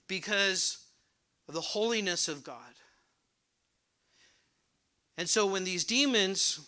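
Male pastor, sermon, high voice, rhetorical questions, repeats words for emphasis. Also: pushed and bright.

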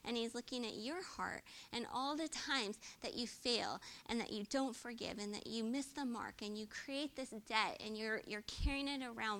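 A woman teaching the Bible in a chatty, conversational way, with a bright, forceful edge to her voice. She sits a little higher in pitch than most women and keeps asking her listeners "right?" as she goes. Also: moderate pace, hardly any pauses, slight background noise. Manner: chatty and expressive, often adds "right?".

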